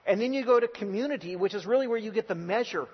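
A man's voice: sits high, fast, breathy edge. A male pastor preaching a sermon in a church, earnest and emphatic, often restarting his words. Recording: dull lo-fi recording with long hall reverb.

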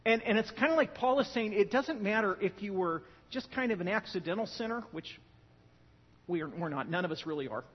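A fairly high, husky male voice preaching in a big reverberant church hall. He is animated, swinging between loud, punchy emphasis and hushed lines, and the recording sounds muffled and lo-fi. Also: a little fast. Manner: animated, joking storyteller who swings from loud emphasis to quiet. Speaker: pastor. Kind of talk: sermon.

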